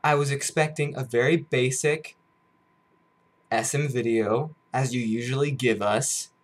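A young man from the United States reviews a music video for his channel, gushing and exclaiming over and over. His voice sits at an ordinary middle pitch, jumping to loud bursts and then dropping to hushed awe. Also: fairly even intonation, unhurried. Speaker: YouTuber reacting to a music video. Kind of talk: excited reaction vlog. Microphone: headphones on, camera mic.

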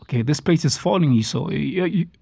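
A man's voice: a little high, lively intonation, brisk, gravelly, dark tone, slightly rough, dry recording. A man giving a preachy response-video commentary, stumbling over words as he reads passages aloud. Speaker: religious commentator. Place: South Africa.

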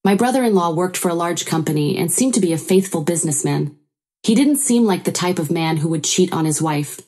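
A woman's voice: lowish voice, lively intonation, fairly quick, a little mellow. A woman narrating a first-person story in an earnest, sorrowful way.

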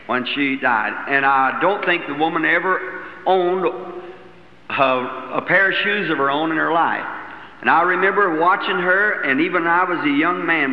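A man's voice: on the high side, slight background noise. A man telling folksy personal stories as a preacher in a sermon, in plain rural phrasing. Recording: dull old echoey hall recording.

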